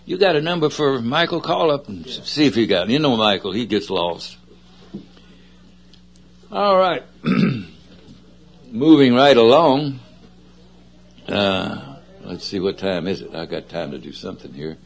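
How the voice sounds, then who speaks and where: A man's voice: medium pitch, very animated, measured pace, creaky, long pauses. A man with a Southern US accent hosting a radio show, talking in a casual, rambling way with many fillers and self-corrections. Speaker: radio host. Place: radio studio.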